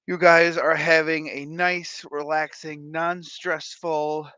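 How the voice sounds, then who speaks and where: A man hosting a casual livestream chat, playful and animated, tired and a bit congested, talking on a close desk mic. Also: a little high, takes it slowly, dry recording. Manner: animated, playful, breaks into laughs and silly voices. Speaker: livestream host.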